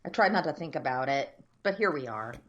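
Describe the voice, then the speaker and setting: A woman's voice: sits low, lively intonation, fairly quick, fairly bright tone, lo-fi sound, a little hiss or hum. A woman co-hosting a podcast, ranting in casual chat and swearing freely. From United States. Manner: profane, ranting. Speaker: podcast co-host.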